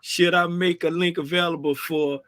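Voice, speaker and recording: A man hosts a casual livestream, chatty and repetitive, drawling along. His voice sits high and bright. The sound is close and dry. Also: steady tone, normal speed, dry recording. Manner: chatty, repetitive, drawling, sing-song asides. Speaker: livestream host.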